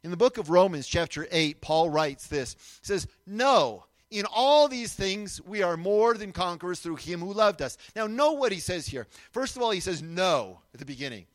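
A man preaching a sermon, emphatic, moving between loud declarations and quiet asides and asking the audience to answer back. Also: high-pitched, animated, moderate pace, hardly any pauses, dry recording. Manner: asks the audience questions and has them repeat after him.

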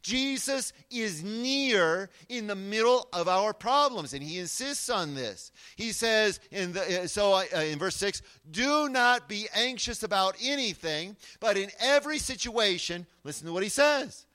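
A man preaching a sermon, swinging between loud emphatic lines and hushed, quiet asides. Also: sits high, expressive, measured pace, hardly any pauses, clean tone. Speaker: pastor.

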